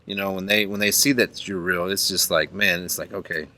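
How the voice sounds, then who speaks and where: A man's voice: low-pitched, fairly even intonation, brisk, pushed and bright. A man hosting a faith podcast, talking in an earnest, rambling way with many restarts. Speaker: podcast host. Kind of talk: casual chat.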